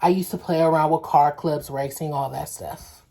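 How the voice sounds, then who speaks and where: A young adult woman from Los Angeles, vlogging casually and telling stories in a lively, slangy way, acting out quotes. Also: low-pitched, moderate pace, vocal fry. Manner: animated, slangy storytelling with acted-out quotes. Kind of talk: casual storytelling vlog.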